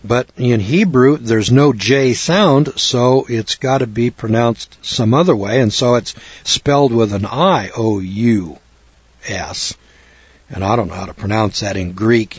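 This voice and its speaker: A man's voice: lowish voice, slightly rough, no echo, muffled recording. An older American man giving informal, rambling Bible teaching in a folksy manner with frequent restarts. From United States.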